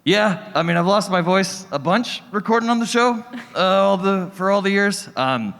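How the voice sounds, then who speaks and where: A man's voice: high voice, expressive, normal speed, gravelly, a bit bright, long reverb tail. A man, a voice actor, answering questions casually on a convention panel, with many fillers.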